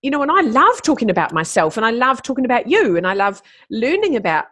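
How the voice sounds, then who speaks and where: A woman's voice: fairly high pitch, big pitch swings, fast, fairly bright tone. A middle-aged woman, talking animatedly and swearing freely as a guest over a call. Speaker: podcast guest, keynote speaker. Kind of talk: casual conversation. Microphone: remote call.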